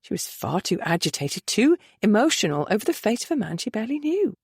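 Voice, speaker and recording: A woman reading a novel aloud with expressive, varied narration. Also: medium pitch, brisk, breathy edge, dry recording, studio quality. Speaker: audiobook narrator. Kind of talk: scripted narration.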